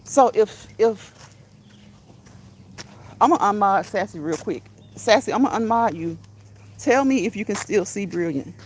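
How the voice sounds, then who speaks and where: A woman's voice: mid-range voice, animated, normal speed, pauses often, darkish tone, a little hiss or hum. A woman hosting a casual live stream while walking outdoors, chatting with her viewers, laughing often and reading the chat aloud. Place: outdoors on a neighborhood walk.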